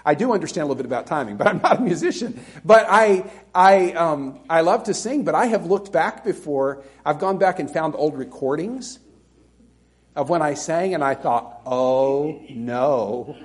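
A middle-aged pastor from Alabama preaches in a loose, conversational way and pokes fun at himself. His voice sits fairly high for a man. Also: animated, normal speed. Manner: conversational, self-deprecating, with laughing asides. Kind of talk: sermon.

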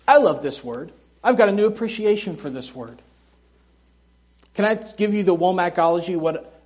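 A middle-aged man preaching a sermon in a church, telling folksy, humorous stories in an animated way. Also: a little high. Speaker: missionary preacher. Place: church sanctuary.

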